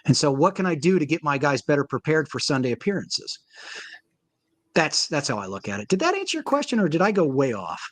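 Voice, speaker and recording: Male coach guest, fairly high voice, dry close sound, lively storyteller. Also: brisk, dry recording. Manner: animated storyteller, acts out quoted voices. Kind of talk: casual interview talk.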